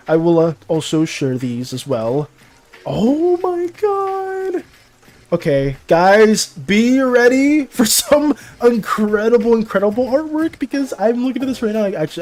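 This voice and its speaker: A young man chatting casually on a livestream with a fairly high voice. He swings his pitch widely as he talks and laughs often. He gets worked up over his opinions, then turns apologetic. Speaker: art streamer. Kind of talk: casual livestream chat with viewers.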